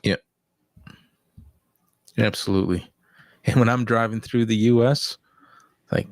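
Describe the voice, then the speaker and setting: A man's voice: on the low side, steady tone, measured pace, long pauses, no echo, clean studio sound. A man from Canada chatting casually in an easygoing way, chuckling at his own stories. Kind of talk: casual chat.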